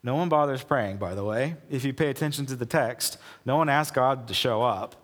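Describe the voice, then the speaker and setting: A man preaching a casual sermon as pastor, telling the story in an animated way and acting out the people in it. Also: mid-range voice, moderate pace. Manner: animated storytelling, acts out quoted voices. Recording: long hall reverb.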